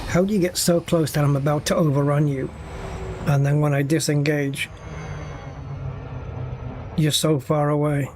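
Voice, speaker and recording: Streaming a space game from home on a desk mic at his gaming rig, a man mutters dry, wry remarks to himself in casual livestream commentary. His voice is a little high and flat, at normal speed with frequent pauses, and music plays in the background.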